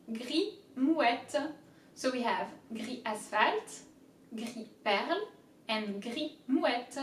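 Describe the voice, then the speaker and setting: Slow, careful woman teaching pronunciation. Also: on the high side, fairly bright tone, far from the mic. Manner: slow, careful syllable-by-syllable drilling. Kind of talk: casual video lesson. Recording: echoey room, a bit off mic.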